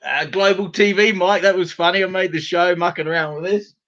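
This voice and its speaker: Australian guy, high voice, rowdy and profane, dull lo-fi call audio; show regular on a video call. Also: fairly even intonation, brisk. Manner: loud, rowdy, swears freely. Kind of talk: casual video call chat. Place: bedroom at home.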